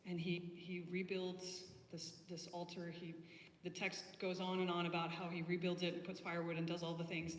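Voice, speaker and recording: A woman with a lowish voice delivering a chatty, storytelling sermon, full of ums and false starts. She sounds a little distant from the mic, and her voice rings through a reverberant church hall with a faint hiss behind it. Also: monotone, moderate pace. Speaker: preacher. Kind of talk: conversational sermon.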